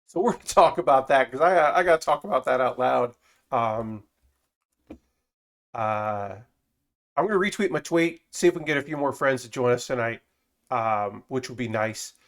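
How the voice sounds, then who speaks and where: A man's voice: medium pitch, normal speed, long pauses. A man streaming while building a model kit, talking casually in a rambling, self-correcting way with frequent swearing. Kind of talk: casual live-stream chat.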